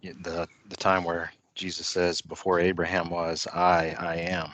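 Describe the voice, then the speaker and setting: Male student, deep, flat delivery, off-mic. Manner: halting, offering a comment. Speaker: student in the class. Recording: distant from the mic.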